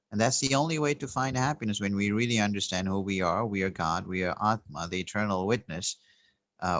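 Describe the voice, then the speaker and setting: Low-voiced man telling a spiritual story. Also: no echo. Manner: gentle, reflective, with soft laughs and hesitant restarts. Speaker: spiritual teacher.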